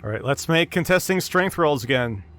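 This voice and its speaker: A man narrating a tabletop game as dungeon master, in a measured descriptive way. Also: fairly high pitch, lively intonation, fairly bright tone.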